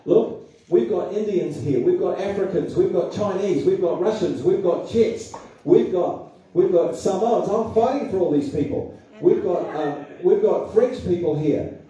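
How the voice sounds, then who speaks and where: A man's voice: sits high, a little slow, few pauses, warm tone. A man with a New Zealand accent giving a political seminar speech, emphatic and firing rhetorical questions at the audience. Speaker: public speaker. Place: public hall. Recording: very echoey hall, voice from far off.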